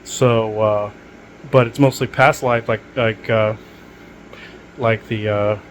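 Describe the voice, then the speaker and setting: A man's voice: lowish voice, steady tone, slow pace, low-quality recording. Rambling man with a faint hum behind. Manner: rambling, digressive, many fillers. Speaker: podcast host. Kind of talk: rambling casual monologue.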